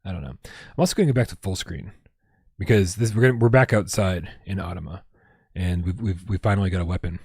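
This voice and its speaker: A man's voice: low-pitched, fast talker, a little mellow, husky, dry recording, studio quality. A man hosting a casual gaming livestream at home, rambling and reading out viewer tips with lots of restarts. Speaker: livestream host.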